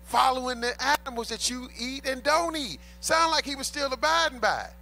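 A man's voice: extremely high pitch, lively intonation, moderate pace, bright, forceful tone. A man preaching a sermon in an emphatic, colloquial way, repeating his key points and addressing the congregation as brothers and sisters. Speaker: pastor.

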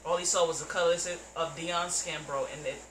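A woman reacting to a TV episode, loud, profane and heated as she comments. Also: deep voice, fairly even intonation, brisk, reverberant, slight background noise, low-quality recording. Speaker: reaction video host.

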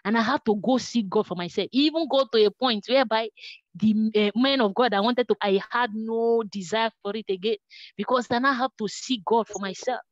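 High-voiced woman preaching. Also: fairly quick, no echo, muffled recording. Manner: earnest, repetitive preaching with prayers. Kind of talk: sermon.

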